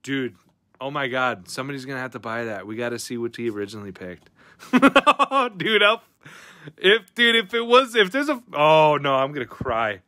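An excitable man hosting a live card-opening stream, reacting loudly to each pull and swearing freely. His voice is bright and forceful, with a medium pitch. It sounds dry and close, with little room sound. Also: moderate pace, no room sound. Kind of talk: casual live stream chat.

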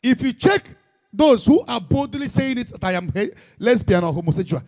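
A man's voice: sits high, sing-song, a little fast, mellow. A man preaching an impassioned sermon in Igbo-accented Nigerian English, dropping in Igbo phrases.

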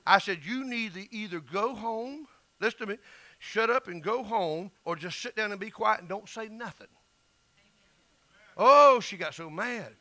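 A man's voice: high voice, a little slow, sharp tone, no room sound. A middle-aged man with a Southern US accent, preaching an emphatic, folksy sermon as pastor.

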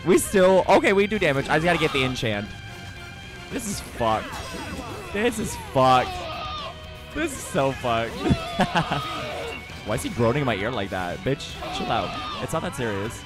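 A man streaming a video game live in casual chat, excitable and profane, laughing and greeting viewers loudly. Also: mid-range voice, moderate pace, over loud music. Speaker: livestreaming gamer.

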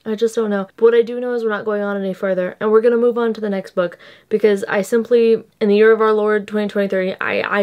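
A woman's voice: medium pitch, dull audio. A young woman book vlogger talking casually and with exasperation to her viewers, breaking off for asides. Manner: chatty and exasperated, with laughs and asides. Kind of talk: casual reading vlog.

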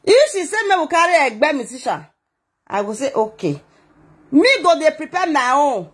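A woman's voice: high-pitched, sing-song, normal speed. A woman vlogger telling a story in Nigerian Pidgin, talking dramatically and emotionally, with a scolding edge. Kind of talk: animated gist monologue.

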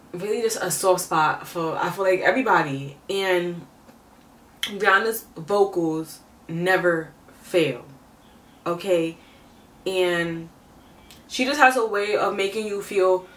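A young woman hosting a casual music reaction vlog, expressive and emotional, talking straight to her viewers. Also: on the low side, a little hiss or hum. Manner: expressive, emotional, laughs often. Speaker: reaction video host. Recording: echoey room, mic at a distance.

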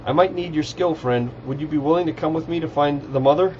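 A man's voice: on the high side, fast talker, darkish tone, a little hiss or hum, lightly acted. Man voicing a young earnest druid. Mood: calm. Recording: dull lo-fi live stream audio.

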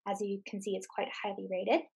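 A woman tech tutor giving a screen-share software lesson, explaining each step patiently. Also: medium pitch, completely flat delivery, a little fast, gravelly, breathy edge. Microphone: computer mic on a recorded webinar.

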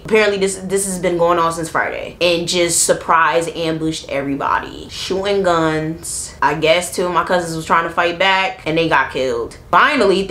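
A young adult woman YouTuber telling a story in a casual rant, blunt, profane and animated. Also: fairly low pitch. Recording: roomy echo.

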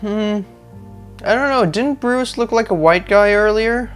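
A young man talks through a video game in excitable, joking commentary, often rambling as he reacts. He speaks into a desk mic at a gaming setup, with faint game music underneath. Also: sits high, unhurried, clear, resonant tone. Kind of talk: let's play commentary.

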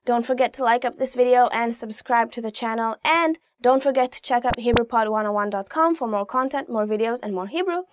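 Chatty young woman teaching travel phrases. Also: a little high. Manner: chatty, says phrases slowly and clearly, laughs often. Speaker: language teacher, show host. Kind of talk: casual video language lesson.

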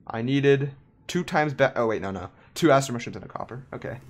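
A man giving casual, self-mocking let's play commentary while building in a game, animated and giggly. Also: mid-range voice, brisk. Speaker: gameplay host.

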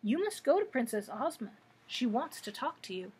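A woman's voice: a little high, big pitch swings, moderate pace, a little mellow, breathy edge, heavily acted. A woman voicing an earnest, anxious little girl in a storybook read-aloud. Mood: scolding. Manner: pleading, anxious.

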